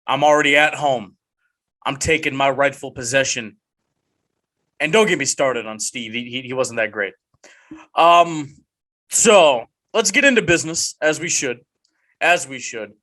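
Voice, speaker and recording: A man's voice: mid-range voice, measured pace, long pauses, bright, forceful tone. A man hosting a casual podcast with friends, joking and mock-dramatic, rambling with restarts. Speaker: podcast host.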